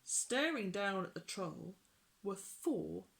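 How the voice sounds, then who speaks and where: A storytime reader narrating a children's picture book gently and unhurriedly for young listeners. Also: medium pitch, sing-song, takes it slowly, vocal fry.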